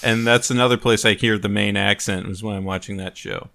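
A man's voice: on the low side, steady tone, a little fast, creaky, a bit bright. A man hosting a casual podcast chat, chatty and jokey. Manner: chatty, jokey, playful put-on voices. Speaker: podcast host.

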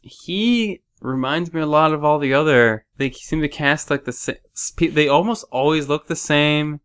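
A man's voice: on the high side, normal speed, fairly bright tone, clean tone. A man co-hosting a casual movie-review podcast, chatting in an easygoing way. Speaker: podcast co-host.

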